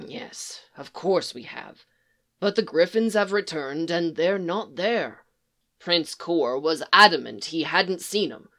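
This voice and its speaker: A woman voicing a kindly, patient old male beaver in a storybook reading, with a gentle, soothing, often breathy delivery. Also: on the low side, lively intonation, takes it slowly.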